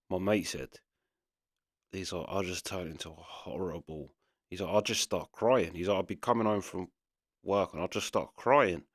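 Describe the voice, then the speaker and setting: Male reaction host, very low voice, casual storytelling, dry mic. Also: dry recording. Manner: casual, retells an anecdote, chatty. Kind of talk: reaction commentary.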